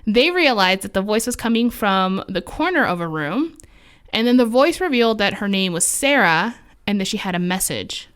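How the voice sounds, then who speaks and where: Chatty woman with a smooth voice. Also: medium pitch, lively intonation, moderate pace, a bit bright. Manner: chatty, full of likes and fillers, laughs often. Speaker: podcast co-host telling the story. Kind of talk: casual storytelling chat.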